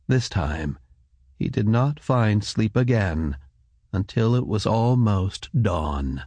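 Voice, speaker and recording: A male audiobook narrator with a low, gravelly voice and a husky grain. He reads in an even, measured way, recorded close and completely dry. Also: dry recording. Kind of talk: scripted narration.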